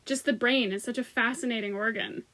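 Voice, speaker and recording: Brief: female podcast host, bright curiosity, fairly high-pitched, conversational. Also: fairly even intonation, a little fast. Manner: curious, encouraging follow-up questions. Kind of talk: interview conversation.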